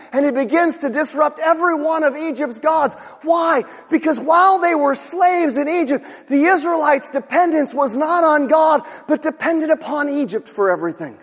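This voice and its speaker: A male pastor preaching a sermon with emphasis, often rising to shouts and asking rhetorical questions. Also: very high voice, in a large hall.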